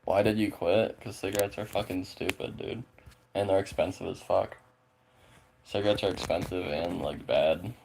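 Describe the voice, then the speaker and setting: A man with a very low voice and plenty of gravelly fry at the bottom of it. He talks casually with his viewers in a loose, rambling way, leaning on filler words and tossing in swear words without a thought. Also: fairly even intonation, moderate pace, a little mellow, slight background noise. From Spokane, Washington, USA. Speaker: streamer chatting with viewers. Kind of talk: casual chat.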